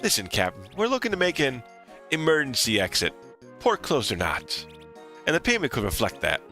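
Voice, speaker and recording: A man voicing a stern young male librarian hero, speaking in a low, measured and formal way. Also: wildly swooping pitch, sharp tone, faint music behind, heavily acted. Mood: earnest.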